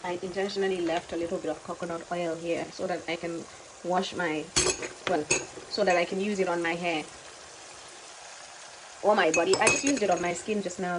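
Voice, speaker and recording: Loud sizzling and frying fill the background as a woman cooks at home and talks casually to her viewers, whom she calls babe, often repeating words. Her voice is lowish and steady, at normal speed with long pauses.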